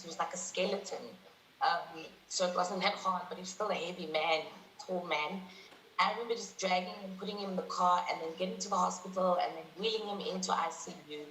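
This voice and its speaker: Animated woman, bright voice. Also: medium pitch, slight background noise. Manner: animated, acts out dialogue, laughs often. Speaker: guest. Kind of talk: personal storytelling interview. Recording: echoey room.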